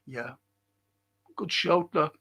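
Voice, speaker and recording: Middle-aged guy on a football stream, talks real slow, swears a lot, blunt. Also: fairly high pitch, sharp tone, husky. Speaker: football podcast host. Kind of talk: casual livestream chat reading viewer comments.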